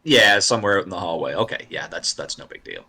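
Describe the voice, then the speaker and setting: Brief: male player, very low but bright voice, halting and filler-heavy. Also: animated, gravelly, slightly rough. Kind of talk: tabletop role-play chat.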